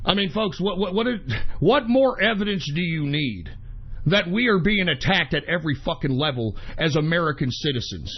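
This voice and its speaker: A man hosting a political talk radio show, ranting angrily, swearing and shouting, and calling his listeners folks. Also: a little high, animated, moderate pace, breathy edge. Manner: angry, profane, shouting tirades. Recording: dull lo-fi internet radio recording.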